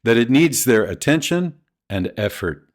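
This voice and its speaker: Man narrating a teaching video, lively pitch. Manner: clear, deliberate, instructional. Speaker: ESL teacher trainer.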